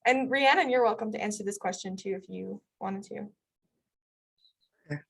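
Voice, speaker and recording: A woman's voice: medium pitch, normal speed, gravelly. A woman hosting a student town hall, reading announcements in an upbeat way with many ums. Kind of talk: casual announcements.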